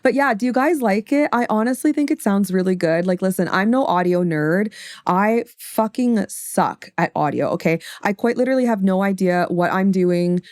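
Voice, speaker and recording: A woman's voice: medium pitch, moderate pace, a little mellow, dry recording. Young female streamer, mid-range voice, chatty and rambling, dry studio mic. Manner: chatty, rambling, swears casually. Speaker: livestream host. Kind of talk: casual stream chat. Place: home streaming setup. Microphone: studio XLR microphone.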